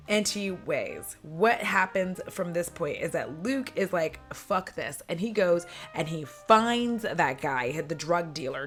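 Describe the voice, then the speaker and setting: A woman recapping a film in a casual chat, animated and chatty, acting out lines and laughing as she goes. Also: mid-range voice. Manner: acts out characters' lines and sound effects.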